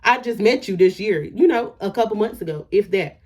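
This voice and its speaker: On her vlog, a young woman tells a storytime in a mid-range voice that is brisk, lively in intonation, darkish and slightly rough. She sounds indignant and emphatic, swears freely, and trails off into "da, da, da" whenever she skips over details.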